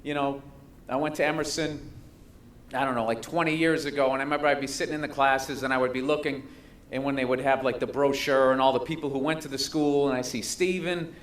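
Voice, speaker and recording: A man's voice: medium pitch, steady tone, brisk, a little hiss or hum. A male comedian telling a long story as a talk show guest. He rambles, swears freely and mocks himself. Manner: profane, rambling, self-mocking.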